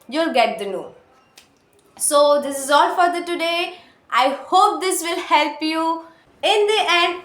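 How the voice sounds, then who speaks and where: A woman with an Indian accent talking earnestly to her camera, encouraging learners and pausing often on "uh" fillers. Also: high voice, fairly bright tone. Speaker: English-learning vlogger. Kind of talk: casual talk to camera. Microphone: phone or camera mic. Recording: echoey room.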